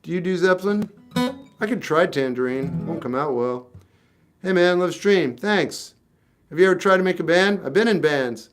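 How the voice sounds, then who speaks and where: A man in his fifties with a slightly high voice talks casually on his livestream, answering viewers' comments in a blunt, wry, offhand way. Guitar music sounds clearly behind him. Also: expressive, moderate pace. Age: 50s. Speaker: singer-songwriter livestreamer. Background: guitar playing.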